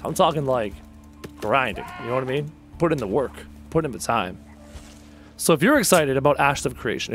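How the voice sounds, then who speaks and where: A young man with a high, very lively voice chats with his viewers while he plays a game live. He jokes freely and keeps calling people dude. Faint music runs underneath. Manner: casual, joking, addresses chat as dude. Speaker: streamer. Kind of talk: live gameplay stream, chatting with viewers.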